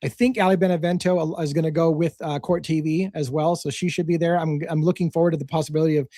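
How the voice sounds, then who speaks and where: Fast-talking man, rambling and joking. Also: fairly high pitch, steady tone, dark tone, no echo, studio quality. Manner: rambling, self-interrupting, joking. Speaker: co-host of a live stream. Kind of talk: casual live-stream chat.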